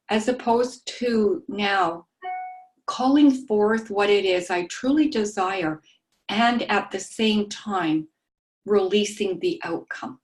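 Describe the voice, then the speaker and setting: A woman sharing in a study group, soft-spoken and halting, with frequent pauses and ums. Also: mid-range voice. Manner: describes herself as meek and mild.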